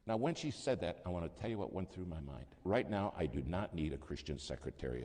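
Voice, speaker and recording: A man preaching a sermon as a folksy, animated storyteller who acts out the dialogue. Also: low voice, quick pace, hardly any pauses, a little hiss or hum. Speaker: pastor. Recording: long reverb of a large hall.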